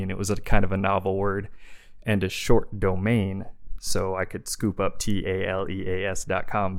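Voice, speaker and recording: A man guesting on a tech podcast, chatting casually and enthusiastically about his webcomic site, with fillers. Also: low voice. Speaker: guest, webcomic creator and developer. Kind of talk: casual interview conversation.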